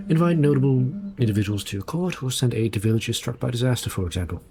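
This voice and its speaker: A man's voice: medium pitch, close to an everyday voice. A proud keeper of a map room, voiced by a man reading a game. He speaks formally and takes pride in his work. Music runs behind him.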